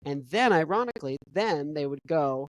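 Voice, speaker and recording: A man's voice: fairly high pitch, expressive, moderate pace, no echo, rough recording. A young man hosting a podcast, rambling in a casual monologue and often tagging "right?" and "you know" onto his thoughts. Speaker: podcast host.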